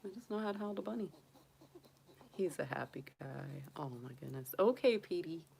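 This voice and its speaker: A woman's voice: on the low side, lively intonation, moderate pace, vocal fry, darkish tone, slight background noise. A middle-aged woman chatting casually on a livestream and cooing baby talk to her pet rabbit. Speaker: tarot reader and astrologer.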